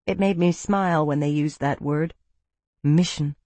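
A woman reading an audiobook in first person, in a gentle, thoughtful way, close to the microphone. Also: sits low, unhurried, dry recording. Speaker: audiobook narrator.

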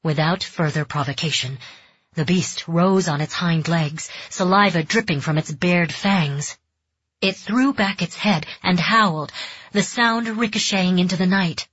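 A woman narrating a dark fantasy audiobook in measured, tense storytelling. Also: fairly low pitch, husky, no room sound. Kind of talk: scripted narration. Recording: dull, dry close recording.

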